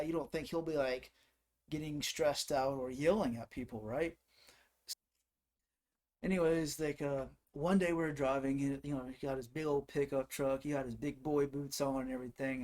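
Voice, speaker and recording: A man with a somewhat high, slightly mellow voice hosts his own channel. He tells rambling comic stories casually and laughs at his own jokes.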